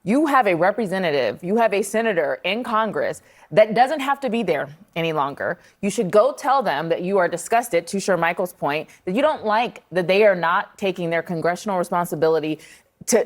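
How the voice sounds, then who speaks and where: Low-voiced woman speaking earnestly. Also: expressive, brisk. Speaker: panel guest. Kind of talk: TV panel debate.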